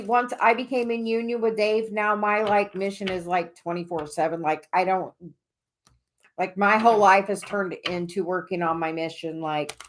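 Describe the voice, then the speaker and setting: Woman host doing relaxed live card readings; higher voice, loose and meandering delivery. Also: slight background noise. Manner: rambling, many fillers and restarts. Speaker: oracle card reader hosting a livestream. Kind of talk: casual livestream reading.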